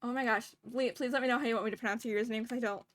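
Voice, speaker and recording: A bubbly, giggly woman streams a visual novel from her home kitchen, reading it aloud and chatting with viewers. She sounds a little congested, with a bright, fairly high voice. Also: fairly even intonation, rapid-fire. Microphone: desk microphone, not wearing headphones.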